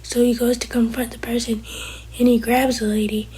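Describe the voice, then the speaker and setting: A woman's voice: on the high side, flat delivery, normal speed, warm tone, slightly rough, low-quality recording. A woman casually recapping a TV episode as a reviewer, retelling scenes in a chatty way and loosely quoting the characters.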